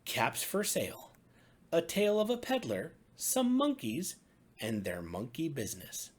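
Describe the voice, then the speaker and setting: A man, a pastor, reading a bedtime story to children in an expressive, sing-song way. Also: a little high, a little slow.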